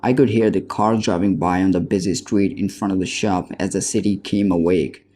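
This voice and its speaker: A man narrating a business book as an audiobook in a measured, steady reading. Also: deep voice.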